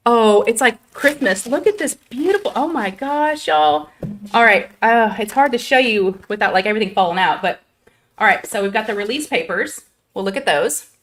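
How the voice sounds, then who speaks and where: A woman hosting a casual craft livestream, gushing and excitable. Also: mid-range voice. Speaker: livestream host.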